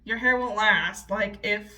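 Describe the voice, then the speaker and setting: A woman voicing a curt, mean middle-aged female hairdresser with a put-on Russian accent, slow and blunt. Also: medium pitch, pushed and bright, far from the mic. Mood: curt scolding.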